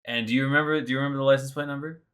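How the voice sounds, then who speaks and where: A man co-hosting a podcast, recapping a video game in animated, sarcastic casual chat. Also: medium pitch, racing, smooth. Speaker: podcast co-host.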